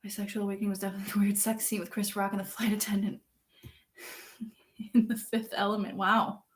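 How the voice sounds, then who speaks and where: A young woman chatting casually with her viewers, self-deprecating and laughing often, jumping from loud outbursts to quiet mumbles. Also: mid-range voice, little pitch movement, brisk. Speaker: streamer reading viewer chat. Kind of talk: casual chat.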